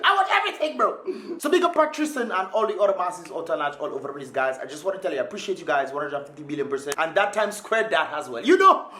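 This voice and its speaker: A man's voice: a little high, animated, quick pace, few pauses, pushed and bright, echoey room. A man from Dominica, doing hype-filled casual vlog commentary with laughing asides. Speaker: vlogger.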